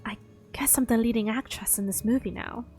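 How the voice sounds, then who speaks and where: A slightly high-voiced young woman reads a game's story aloud at home, now and then breaking off into casual joking asides. Faint game music plays softly underneath her voice. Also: fairly quick. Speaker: streamer.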